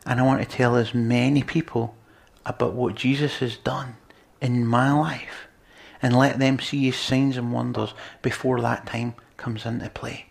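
A man preaching a sermon, earnest, moving between loud emphasis and quiet, near-whispered lines. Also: medium pitch, little pitch movement, a little slow, gravelly.

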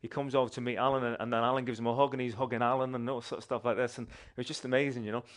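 Speaking rapid-fire at a medium pitch, this church member shares his personal testimony. His delivery is lively and conversational, with frequent restarts.

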